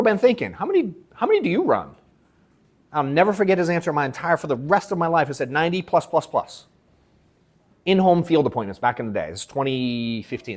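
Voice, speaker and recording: In a workshop's event room, a man who coaches sales tells a live audience a casual story full of slang and profanity. His voice sits at medium pitch, and he brings the retelling to life with acted quotes.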